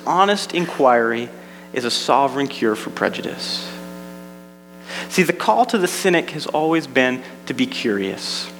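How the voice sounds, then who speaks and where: A man's voice: a little high, a bit bright. A man preaching a sermon, talking to the room in an easy way, often repeating words and adding asides. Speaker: pastor. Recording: echoey hall with faint mains hum.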